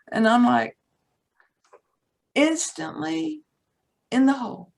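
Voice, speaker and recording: A woman's voice: medium pitch, expressive, slow, creaky, pauses often, low-quality recording. A woman guest, a teacher and author, telling a personal story in conversation in a blunt, frank way and swearing casually.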